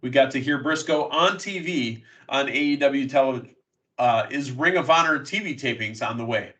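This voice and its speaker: A man hosting a casual wrestling news podcast, recapping matches in quick play-by-play bursts. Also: mid-range voice, sharp tone, recorded from a distance. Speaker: podcast host.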